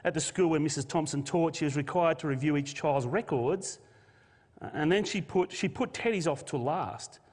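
A man's voice: a little high, moderate pace, darkish tone. A man preaching an earnest, emotional Christmas sermon and reading a story aloud. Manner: earnest, emotional, with restarts and shifting emphasis. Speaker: pastor. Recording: long hall reverb.

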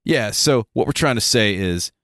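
A man with a low voice co-hosts a relaxed gaming podcast, talking loosely and tossing in jokes and asides. The sound is dry and close to the mic. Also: no room sound. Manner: joking, rambling, quick asides. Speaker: podcast co-host. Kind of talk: casual tabletop gaming chat.

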